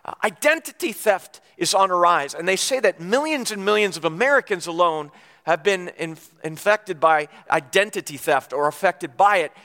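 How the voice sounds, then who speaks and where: A man with a high, bright voice preaches in a casual storytelling way. He often stumbles and restarts as he talks. The sound carries a long echo from a large hall. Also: lively intonation, normal speed. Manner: conversational storytelling with frequent restarts. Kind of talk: sermon with personal story.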